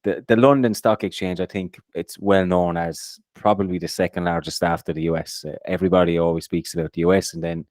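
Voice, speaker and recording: A man's voice: low voice, steady tone, a little fast, hardly any pauses, darkish tone, no room sound, clean studio sound. A man co-hosting a casual podcast, upbeat and prone to repeating words as he starts a sentence. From Ireland. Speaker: podcast co-host. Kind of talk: casual chat.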